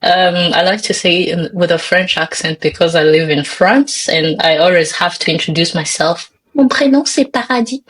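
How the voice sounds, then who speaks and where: A woman from Rwanda, guesting on a podcast, talks in a casual, bubbly way and repeats words for emphasis. Her voice sits fairly low, and laughter keeps breaking into her talk. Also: level tone, normal speed, few pauses, a bit bright. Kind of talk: casual interview chat.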